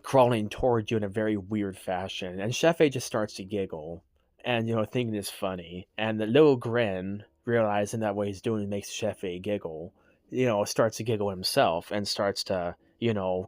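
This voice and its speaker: Low-voiced man rambling through his story. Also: moderate pace, darkish tone, dry recording, studio quality. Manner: hesitant, full of restarts and fillers. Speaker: creator telling his character lore. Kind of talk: casual rambling explanation.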